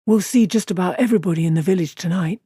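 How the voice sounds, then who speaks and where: A woman voicing a slow, cautious young apprentice in an audiobook, speaking in a doubtful way. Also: fairly low pitch, dark tone, breathy edge, dry recording, studio quality.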